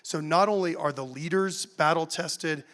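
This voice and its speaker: A man's voice: on the high side, moderate pace, a bit bright. A man on a conference panel who speaks earnestly, with frequent uhs and restarts. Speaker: panelist, former state official. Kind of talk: panel discussion answer. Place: conference stage before an audience.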